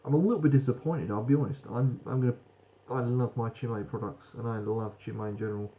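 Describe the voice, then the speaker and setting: A man's voice: medium pitch, fast, narrow, tinny audio. A British man giving a frank, rambling beer review that swears casually.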